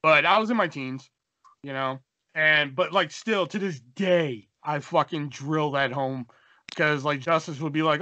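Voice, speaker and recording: A young man co-hosting a podcast, telling a story in a casual, animated way, swearing and acting out the dialogue. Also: a little high, normal speed, muffled recording. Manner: animated, profane, acts out dialogue. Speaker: podcast co-host.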